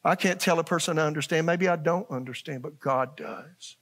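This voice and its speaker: Earnest older preacher, folksy and plain. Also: male voice, a little high, brisk, a bit bright. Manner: folksy, earnest preaching with repetitions and asides to the congregation. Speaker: pastor. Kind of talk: sermon. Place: church sanctuary.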